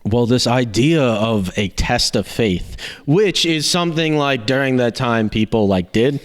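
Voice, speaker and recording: A man's voice: medium pitch, lively intonation, a little slow. A young man hosting a casual movie review podcast, rambling, laughing often and swearing freely. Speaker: podcast host.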